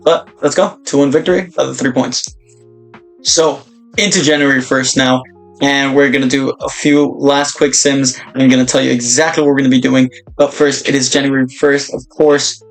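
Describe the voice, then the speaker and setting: A young man commentating his own football video game career, breaking into excited shouts at big moments. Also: mid-range voice, moderate pace, faint music behind. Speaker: gaming YouTuber.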